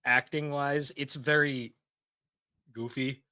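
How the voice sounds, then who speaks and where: A male podcast co-host with a bright, forceful voice, chatting casually and cracking jokes. His sound is close and dry, with no room around it. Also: mid-range voice, fairly even intonation, slow pace, clean tone, no echo. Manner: jokey, laughs mid-sentence, acts out quotes.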